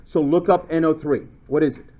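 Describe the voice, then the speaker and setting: A male chemistry teacher lecturing a class in a playful way, now and then shouting silly memory phrases. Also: on the high side, steady tone, brisk. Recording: dull lo-fi classroom recording.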